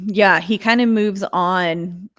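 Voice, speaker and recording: A woman co-hosting a podcast, recapping a movie in relaxed casual chat and voicing her own reactions. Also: mid-range voice, slow. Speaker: podcast co-host.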